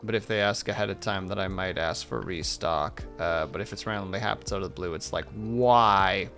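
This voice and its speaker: Male streamer, mid pitch, gravelly, casual rambling chat over faint music. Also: fairly even intonation, fast, fairly bright tone. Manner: rambling, reflective, many fillers.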